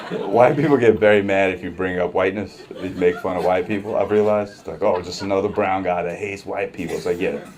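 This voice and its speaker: Low-voiced man doing wry stand-up. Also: big pitch swings, normal speed, a little mellow, a little hiss or hum. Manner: casual, profane, wry storytelling. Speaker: stand-up comedian. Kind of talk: stand-up comedy set. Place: comedy club stage with audience. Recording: live club crowd and music.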